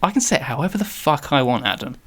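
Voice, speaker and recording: A man's voice: mid-range voice, fast, a little hiss or hum. A man co-hosting a casual film podcast, running a quiz and teasing his co-hosts. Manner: animated, teasing quizmaster.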